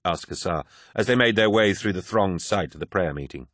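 A man narrating a science-fiction audiobook in a steady, measured way. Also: low voice, no echo, studio quality. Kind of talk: scripted narration.

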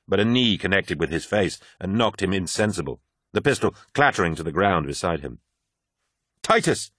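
A man narrating a science-fiction audiobook in a steady, measured way. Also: sits low, no room sound, clean studio sound. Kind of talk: scripted narration.

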